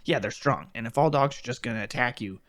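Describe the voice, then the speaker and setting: A man co-hosting a casual podcast, bantering in a relaxed, profane way with quick jokes. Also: mid-range voice, no echo. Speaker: podcast co-host.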